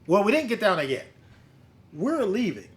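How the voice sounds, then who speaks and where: Male host with a fairly high voice, a casual, profane storyteller who quotes the people in his story. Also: normal speed. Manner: blunt, profane, animated retelling with quoted dialogue. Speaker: bounty hunter and podcast host.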